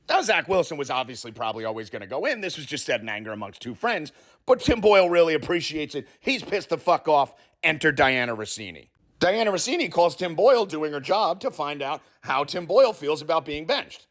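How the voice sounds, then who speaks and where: A man's voice: on the high side, fairly quick. A man hosting a sports betting show, telling a comic conspiracy story with heavy swearing and acted-out quotes. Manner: profane, animated storyteller acting out quotes.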